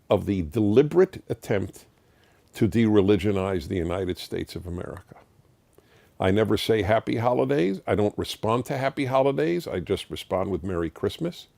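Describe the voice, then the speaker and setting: A man's voice: fairly low pitch, darkish tone, dry recording. A middle-aged man giving emphatic, indignant opinion commentary as a radio host, full of rhetorical questions.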